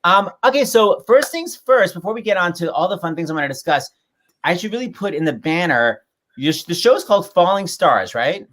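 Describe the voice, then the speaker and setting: A man's voice: high-pitched, big pitch swings, fairly quick, a bit bright. A man hosting a live video-call show, chatting casually with jokes, teasing and rambling asides. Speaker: host. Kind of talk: casual chat.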